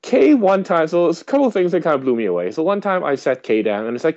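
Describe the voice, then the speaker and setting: A man telling a rambling, animated anecdote in casual chat, full of fillers and restarts. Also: on the high side, quick pace, hardly any pauses, muffled recording.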